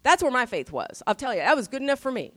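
A middle-aged woman pastor giving a sermon in a conversational style, stressing key phrases slowly. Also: high-pitched, big pitch swings.

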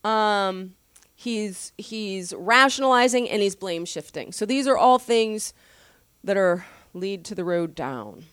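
A woman pastor teaching from the Bible in a casual, conversational way, with animated slangy asides and frequent laughs. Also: mid-range voice, slow, clean tone, no echo, clean studio sound.

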